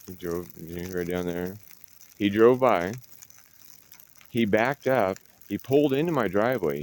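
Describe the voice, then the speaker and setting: Gruff deep-voiced man, blunt and profane. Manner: blunt, profane, defiant storytelling. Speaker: veteran vlogger. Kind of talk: casual monologue to camera.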